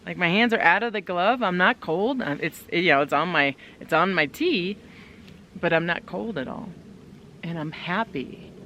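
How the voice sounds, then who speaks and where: A woman's voice: fairly low pitch, lively intonation, normal speed, bright, forceful tone, a little hiss or hum. A woman vlogging from inside her tent in the snowy woods, chatting casually and upbeat straight to her viewers. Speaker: solo winter camping vlogger. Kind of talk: casual chat to camera.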